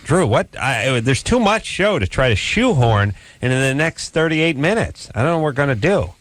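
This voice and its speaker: A man co-hosting a radio call-in show from a studio, talking fast comic banter and breaking into loud, mock-outraged rants. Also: mid-range voice, big pitch swings, dry recording. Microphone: studio microphone.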